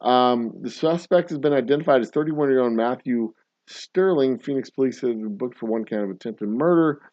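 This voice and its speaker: A man's voice: mid-range voice, normal speed, a little mellow, no echo. Male show host, casual profane commentary, dull lo-fi sound. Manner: profane, incredulous, laughing riffs. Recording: dull dry lo-fi recording.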